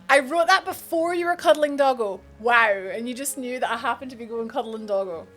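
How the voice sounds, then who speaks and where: Woman streamer, high voice, sleepy, playful chatter while gaming. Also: normal speed, a bit bright, faint music behind. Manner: playful, baby talk to a pet. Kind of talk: casual chat while gaming.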